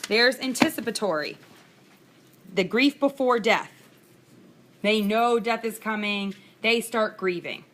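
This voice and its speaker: Her voice is mid-range, a little slow, and fairly bright as this instructor in her thirties gives a laid-back lecture. Speaking candidly into a screencast recording mic, she laughs while recounting personal stories.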